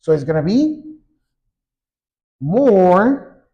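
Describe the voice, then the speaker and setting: Slow, animated man teaching English. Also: high-pitched, muffled recording. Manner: slow and repetitive, drawing out example words. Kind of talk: classroom grammar lesson.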